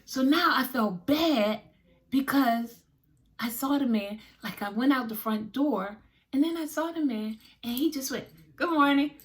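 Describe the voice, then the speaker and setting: A woman vlogger telling a story to her viewers in a dramatic, animated way, acting out the dialogue, with features. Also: sits high, measured pace.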